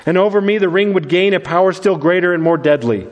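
A man's voice: sits high, fast, voice pushed up, lightly acted. A man reading as a grave old wizard. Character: old wise male wizard, grave and refusing. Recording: long hall reverb.

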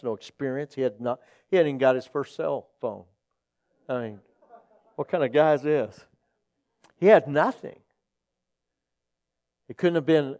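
A man preaching a sermon as pastor, telling a story with quoted dialogue, dropping to a hush and then building to emphatic points. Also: mid-range voice.

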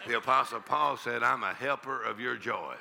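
A man's voice: mid-range voice, moderate pace, creaky, crowd noise. A male pastor with a drawl preaching a charismatic sermon in a church, laughing and whooping often. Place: church sanctuary with congregation.

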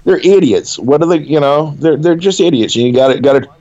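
Southern male writer, animated chat, restarts a lot, muffled audio. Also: a little high, brisk. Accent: Southern American. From American South. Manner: animated, rambling, frequent restarts. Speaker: writer, podcast co-host. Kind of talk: casual conversation.

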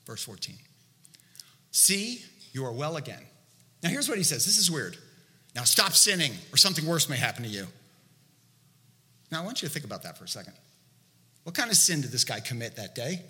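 Animated preaching man in a reverberant hall. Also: on the high side. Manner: animated, conversational preaching with rhetorical questions. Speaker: pastor. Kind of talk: sermon.

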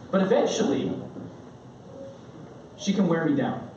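A man in his thirties preaching a sermon, telling family stories with lively, animated delivery and playful impressions of his kids. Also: high-pitched, normal speed. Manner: animated storytelling, acting out his kids' shouts. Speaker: pastor. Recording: roomy, distant, dull sound with faint room noise.

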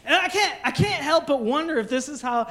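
A man's voice: extremely high pitch, animated, a little fast, a bit bright. A young man, a pastor, preaching a sermon with playful storytelling and jokes.

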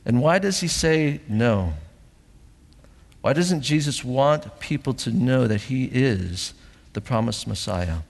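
A middle-aged man preaching a sermon as pastor in a church sanctuary, animated, acting out voices and asking rhetorical questions. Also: medium pitch, takes it slowly, creaky. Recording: long hall reverb.

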